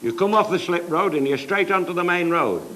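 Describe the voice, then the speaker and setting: A man's voice: high-pitched, lively intonation, fairly quick, fairly bright tone. An older man with a Cheshire accent telling bawdy comic stories on stage, chuckling through them. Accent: Cheshire English. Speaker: after-dinner comedian. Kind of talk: stand-up anecdotes. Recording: noisy live recording, audience laughter.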